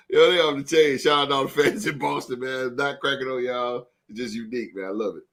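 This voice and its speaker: A man's voice: medium pitch, fairly even intonation, brisk, vocal fry, hardly any pauses, fairly bright tone. A man hosting a sports podcast in a loose, hyped way, tagging his lines with "man" and "son.". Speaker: podcast host. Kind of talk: casual sports talk.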